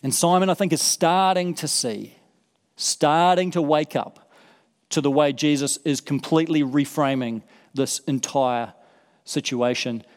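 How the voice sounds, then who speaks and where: Higher-voiced male preacher in a reverberant hall. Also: a little slow. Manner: vivid, conversational retelling with rising emphasis. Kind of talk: sermon storytelling.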